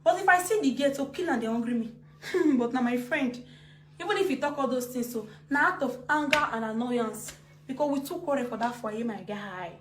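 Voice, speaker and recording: A woman's voice: fairly high pitch, brisk, echoey room, noisy background. A woman with a Nigerian accent ranting emotionally on a live video, repeating herself with force. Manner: emotional, repetitive, animated. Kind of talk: heated live-video rant.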